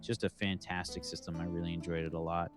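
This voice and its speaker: A man's voice: low voice, level tone, fast, soft background music. A man who runs his own tabletop show, thanking viewers and plugging an upcoming campaign in upbeat chat. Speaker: game master of another show. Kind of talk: livestream sign-off chat.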